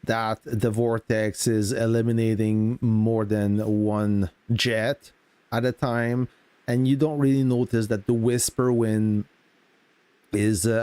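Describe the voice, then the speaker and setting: A man on a live game stream, speaking slowly in a mellow, warm voice with a mid-range pitch. He greets his viewers casually and walks through the game features at an easy pace. The sound is dry and close. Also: dry recording. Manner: relaxed, greets chat viewers, explains game mechanics.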